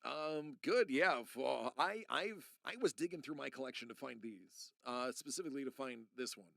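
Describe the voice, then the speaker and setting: A man's voice: medium pitch, normal speed, gravelly, a bit bright, no room sound. A middle-aged man live streaming, chatting casually and earnestly to his viewers in a rambling way. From United States. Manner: rambling and earnest, talking straight to chat.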